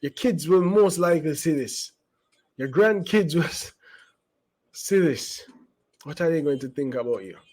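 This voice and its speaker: Rambling man, higher voice. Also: lively intonation, a little slow, pauses often, a little mellow, poor audio. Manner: rambling, emphatic, with asides and restarts. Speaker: channel host giving social commentary. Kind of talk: casual commentary to camera.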